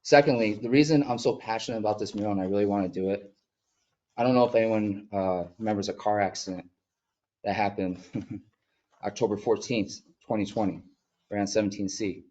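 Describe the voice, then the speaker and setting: A man who is a mural artist, speaking earnestly and with emotion at a village board meeting, sometimes halting as he gets choked up. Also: lowish voice, fairly even intonation, dark tone, muffled recording. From upstate New York. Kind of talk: emotional public comment. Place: public meeting room.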